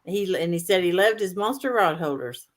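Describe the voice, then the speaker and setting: A woman's voice: on the low side, animated, moderate pace. A woman hosting a fishing livestream, cheerfully reading out viewer comments and greetings. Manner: cheerful, laughing between comments. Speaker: livestream host reading chat.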